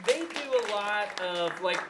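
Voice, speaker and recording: A man's voice: high voice, expressive, unhurried, noisy background. A man hosting a live talk show at a music venue, joking, swearing freely and hyping up the crowd. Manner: joking, swears freely, loud hype announcements.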